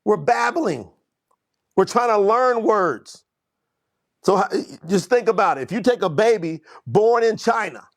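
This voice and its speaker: A man giving a motivational coaching talk on confidence, preachy and repetitive, building to emphatic peaks. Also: sits high.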